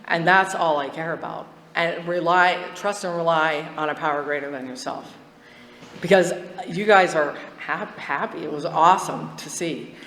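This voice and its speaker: A woman's voice: low-pitched, moderate pace, a bit bright. A woman giving personal testimony at a twelve-step meeting, talking in a candid, chatty way, laughing often and restarting her sentences. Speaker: recovery meeting speaker. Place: meeting hall. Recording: echoey hall, faint background noise.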